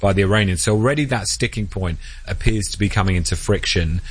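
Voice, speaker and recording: A male correspondent giving a measured, analytical news report with occasional hesitations. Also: deep voice, husky. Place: Washington.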